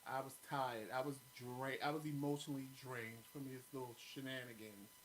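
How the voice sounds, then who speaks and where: A man's voice: mid-range voice, normal speed, slight background noise, low-quality recording. A man co-hosting a show, telling a story in a casual, blunt and profane way. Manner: blunt, profane, animated retelling. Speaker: co-host.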